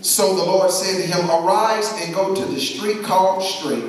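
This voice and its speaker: A man's voice: high voice, steady tone. A man preaching a church sermon, reading scripture aloud and calling on the congregation to answer back. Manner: call-and-response, drawn-out emphatic reading. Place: church sanctuary. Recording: very echoey church, mic at a distance.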